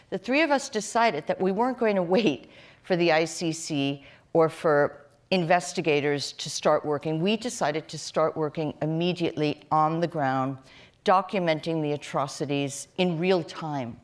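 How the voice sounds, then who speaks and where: A low-pitched middle-aged woman talking on a live panel. She speaks in an earnest, measured way, pausing on fillers and restarting phrases as she works through her point. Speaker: panel guest, human rights director.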